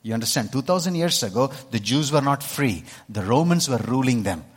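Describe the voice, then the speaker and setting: A pastor with an Indian accent preaches emphatically to a congregation, often checking in with his listeners. His mid-range voice is expressive, brisk, and husky, and the recording carries a long hall reverb.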